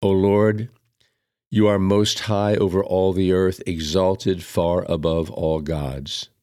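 Deep-voiced man reading scripture solemnly. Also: little pitch movement, darkish tone, no room sound, clean studio sound. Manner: measured, solemn recitation. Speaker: liturgical reader. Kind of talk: reading Mass prayers and scripture.

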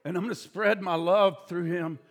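A man voicing a joyful father welcoming home his lost son, with a booming, commanding and exuberant manner. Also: fairly even intonation, normal speed. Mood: tender.

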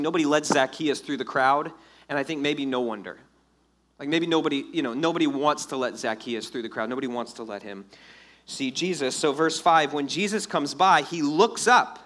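A man preaches a sermon with a slightly high voice, talking to the congregation like a friend. He is animated and casual and acts out the lines he quotes. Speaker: pastor.

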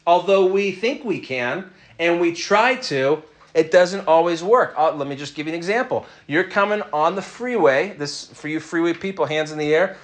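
A man's voice: fairly high pitch, moderate pace. A man preaching a conversational sermon, joking and asking the audience to raise their hands. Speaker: pastor.

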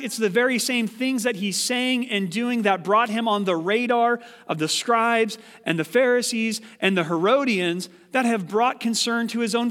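A man with a high voice preaches a sermon to his congregation, animated and full of rhetorical questions. His voice rings with the long reverb of a church hall. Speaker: pastor.

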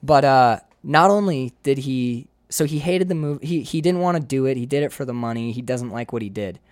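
A man from Michigan's Upper Peninsula co-hosting a casual film podcast, animated and swearing freely as he raves about movies. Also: medium pitch, a little fast, no room sound. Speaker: podcast co-host.

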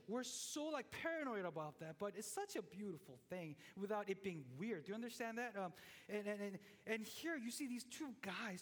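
A man in his forties preaching a casual, conversational sermon, telling the story in an animated way with lots of fillers and restarts. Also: high voice. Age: 40s. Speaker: pastor. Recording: long hall reverb.

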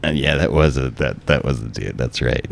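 A man's voice: a bass voice, moderate pace, gravelly, slight background noise. A man as a podcast guest in joking casual chat, playful and often laughing. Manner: playful, laughs often, goes along with bits. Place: podcast studio.

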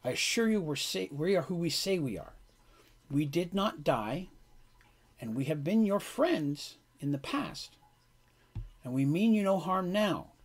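A man voicing a calm, diplomatic young woman adventurer who speaks earnestly and reassuringly. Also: a little high, a little slow, voice pushed up. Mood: pleading.

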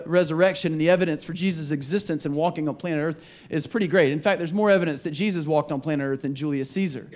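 A man's voice: on the high side, darkish tone. A male pastor giving a conversational Easter sermon in a church, often restarting and repeating words as he goes. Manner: casual and rambling, with frequent restarts and repeated words. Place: church sanctuary.

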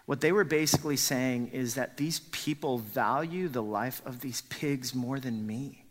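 A man's voice: medium pitch, measured pace, hardly any pauses. A man preaching a sermon with dramatic emphasis, dropping to pleading whispers when he voices a character. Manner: rises to loud emphatic peaks.

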